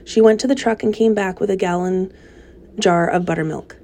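A woman reading a children's novel aloud in a gentle, steady storytelling manner. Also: mid-range voice, normal speed. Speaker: narrator.

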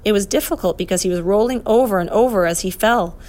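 A woman narrates a children's storybook with steady, clear expression. Her voice sits in a middling register. She keeps an even, unhurried storytelling pace. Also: medium pitch. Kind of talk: storybook read-aloud narration.

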